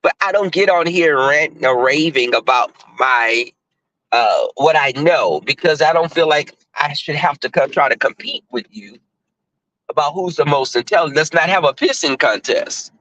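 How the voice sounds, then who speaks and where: Man, Southern accent, blunt and profane, fairly high voice, dry close sound. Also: lively intonation, moderate pace, fairly bright tone, dry recording, muffled recording. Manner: blunt, profane, with filler-heavy restarts. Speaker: online talk host. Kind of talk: casual monologue to viewers.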